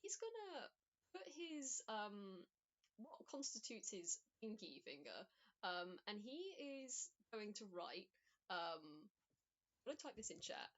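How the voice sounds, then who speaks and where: A woman playing a tabletop role-play game, describing her character's actions in a halting way with many pauses. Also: medium pitch, big pitch swings, a bit bright. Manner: halting, hesitant with many ums. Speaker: player.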